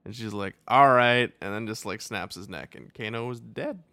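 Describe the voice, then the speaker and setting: A man's voice: lowish voice, brisk, creaky, fairly bright tone, dry recording. A man co-hosting a podcast, rambling casually about a movie, laughing often and acting out silly quotes. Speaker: podcast co-host. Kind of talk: casual movie review chat.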